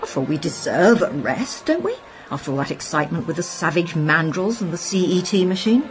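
A woman voicing an eccentric male time traveller who speaks in a hushed, breezy, conspiratorial way. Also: sits low, big pitch swings, a little fast, over music. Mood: musing.

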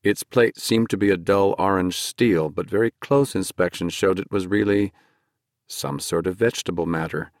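A man narrating a dark fantasy audiobook in a measured, dramatic storytelling manner. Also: low voice, no room sound, studio quality.

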